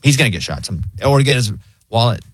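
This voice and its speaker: A man's voice: mid-range voice, animated, fairly quick, breathy edge, dry recording, studio quality. A man hosting a radio talk show, chatting casually and asking earnest questions. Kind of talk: casual radio chat and interview.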